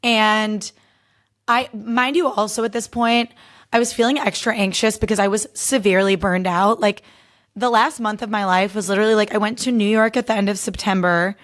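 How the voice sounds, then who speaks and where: A woman's voice: mid-range voice, fairly even intonation, moderate pace. Chatty young woman podcast host. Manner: chatty and candid, heavy use of "like". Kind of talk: casual solo podcast recap.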